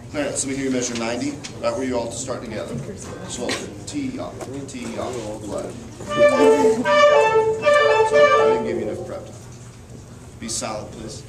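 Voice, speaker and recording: A man's voice: mid-range voice, fairly even intonation, normal speed, pauses often, loud music behind the voice. Man coaching a band, counting off. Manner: counts off and coaches between run-throughs. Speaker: band director. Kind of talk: rehearsal instruction. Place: rehearsal room. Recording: roomy, distant, with loud band playing. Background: band playing.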